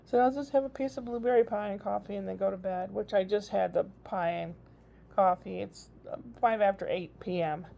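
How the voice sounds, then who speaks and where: A woman's voice: mid-range voice, fairly quick, creaky, warm tone. An older woman, a grandmother, chatting in a rambling, casual video diary. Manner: chatty, rambling, frequent laughs. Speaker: vlogger. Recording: dull lo-fi recording.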